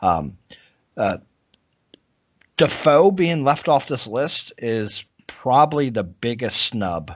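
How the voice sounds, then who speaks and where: A man's voice: medium pitch, sing-song, takes it slowly, long pauses, no room sound. Teasing, blunt male podcast co-host. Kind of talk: casual film-review chat. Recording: dull, dry podcast recording.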